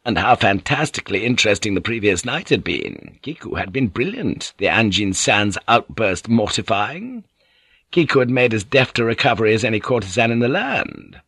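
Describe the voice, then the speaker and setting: A man reading a historical novel aloud as an audiobook narrator, in a measured, wry manner. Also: on the low side, very animated, a bit bright, breathy edge, no room sound. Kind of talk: scripted narration.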